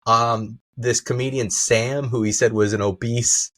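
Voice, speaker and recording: A man's voice: medium pitch, unhurried, no echo. Brief: man, podcast host, loose and chatty, laughs a lot, dry close mic. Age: adult parent. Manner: laughs often, animated retelling of jokes. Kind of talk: casual chat. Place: home room. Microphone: camera and mic at home.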